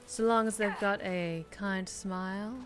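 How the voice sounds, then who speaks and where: A woman putting on a breathy Southern drawl. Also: mid-range voice, a little slow, soft background music, natural voice. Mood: gentle. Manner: relaxed, lackadaisical drawl. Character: relaxed, kind, humble Southern woman.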